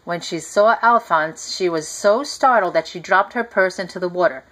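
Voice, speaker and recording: A woman reading a picture book aloud to a child, gently talking to the listener as she goes. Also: fairly low pitch, moderate pace, poor audio. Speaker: reader.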